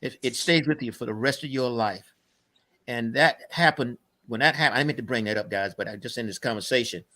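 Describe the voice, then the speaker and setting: An older man speaks as an interview guest, his voice bright and forceful in tone. He tells stories earnestly, leaning hard on his points, and his sentences ramble and restart. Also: mid-range voice, a little fast. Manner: earnest, emphatic, rambling storyteller. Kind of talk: conversational storytelling.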